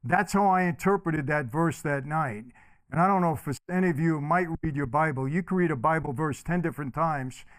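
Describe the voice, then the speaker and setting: A man's voice: fairly high pitch, fairly quick, clear, resonant tone, dry recording. A middle-aged man telling a personal story to an audience in a keynote speech, speaking straight to the crowd. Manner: storytelling, direct address to audience.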